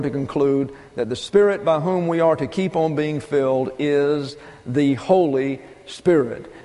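Male pastor, teaching sermon, methodical numbered points, slightly high voice, long hall reverb. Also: dark tone. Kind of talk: expository Bible teaching sermon. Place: church pulpit.

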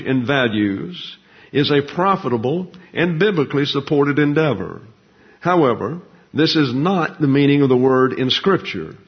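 A man's voice: on the high side, slightly rough. A man preaching a Bible teaching sermon, digressive and folksy, explaining words with many fillers. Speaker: pastor. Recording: dull lo-fi recording.

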